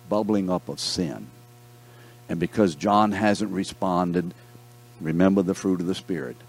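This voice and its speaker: A man's voice: sits low, vocal fry, husky. A man teaching a Bible lesson to a class, telling stories with jokes and calling on his students by name. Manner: animated, joking storyteller who calls on students by name.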